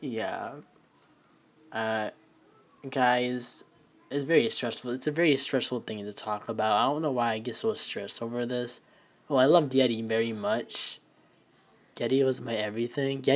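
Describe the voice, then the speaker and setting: A young man filming a casual toy review vlog on a handheld phone, talking in a halting, rambling way with many fillers and restarts, his voice emotional. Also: medium pitch. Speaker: vlogger. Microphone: handheld phone camera.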